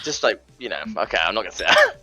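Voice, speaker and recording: Tipsy joking young man, lively bright voice. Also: fairly low pitch, quick pace, dry recording. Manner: joking, boastful, playfully self-aware. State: slightly drunk. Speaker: stream guest. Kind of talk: casual chat. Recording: music playing faintly behind.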